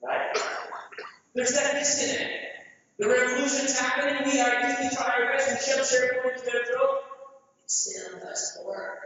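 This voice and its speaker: A man from Southeast Asia giving a conference presentation, animated and jokey, asking the audience questions. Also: very high-pitched, normal speed. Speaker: conference speaker. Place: large conference hall. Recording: echoey hall, distant mic, dull sound.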